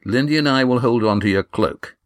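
A man's voice: medium pitch, fairly quick, no room sound, clean studio sound, close to an everyday voice. A man voicing a stern male leader in an audiobook, curt and commanding.

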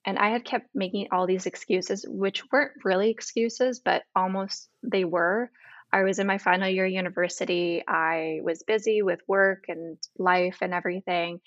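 With a mid-range voice, fairly even intonation and normal speed, a young woman from Canada tells stories as an interview guest. The sound is dull, dry and echo-free, and her chatty delivery is packed with "like" and quoted dialogue.

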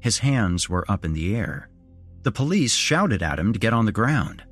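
Husky, low-voiced man narrating horror. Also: very animated, normal speed, a bit bright, soft background music. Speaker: storyteller. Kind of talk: first-person horror narration.

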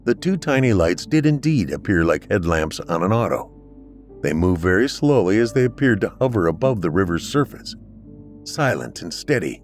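Man, podcast storyteller, very low voice, measured scripted narration. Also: big pitch swings, faint music behind.

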